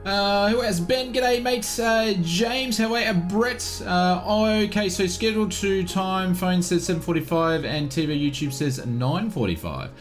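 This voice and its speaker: Aussie bloke streaming flight sim, pretty high voice, chatty and upbeat, faint music behind. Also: male voice, a little slow, hardly any pauses. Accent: Australian. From Australia. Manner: upbeat, greeting chat viewers one by one. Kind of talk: live-stream chat.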